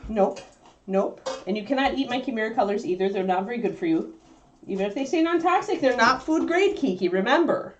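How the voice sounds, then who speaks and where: Woman host, casual stream chat, lively sing-song delivery, laughs easily, slips into a cooing voice for her dog. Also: fairly high pitch, fairly quick, lo-fi sound, a little hiss or hum. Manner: animated, laughing, coos at her puppy. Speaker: livestream host.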